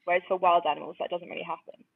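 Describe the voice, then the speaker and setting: A woman's voice: fairly low pitch, flat delivery, very fast, vocal fry. A young woman co-hosting a podcast, chatting casually in a playful, self-deprecating way and exaggerating for laughs. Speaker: podcast co-host. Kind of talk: casual chat. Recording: tinny phone-line sound.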